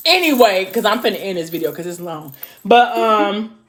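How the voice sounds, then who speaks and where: A woman hosting a casual chat, retelling a novel's plot in animated, slangy talk with profanity. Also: medium pitch, normal speed. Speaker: host.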